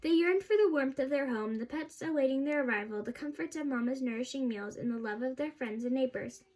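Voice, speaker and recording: Woman reading a kids' book out loud, high voice, little slips here and there. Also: brisk. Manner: steady storytelling with small slips and restarts. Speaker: audiobook reader. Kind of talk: reading a children's novel aloud.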